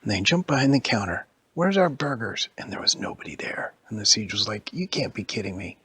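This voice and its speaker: Animated man telling a spooky story. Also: on the low side, brisk, breathy edge, dry recording. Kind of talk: improvised bedtime-style story for a child.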